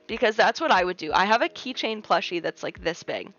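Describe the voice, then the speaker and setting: Young woman streamer, gentle reassuring chat, gravelly fry, muffled audio with soft music underneath. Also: mid-range voice, expressive, a little fast. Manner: gentle, reassuring, chatty with many fillers. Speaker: livestream host. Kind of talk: casual chat reading viewer comments. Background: faint background music.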